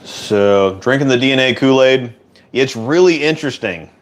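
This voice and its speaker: A man hosting a relaxed, rambling chat in a workshop, answering viewer questions. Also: medium pitch, moderate pace, a little hiss or hum. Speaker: host. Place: indoor workshop.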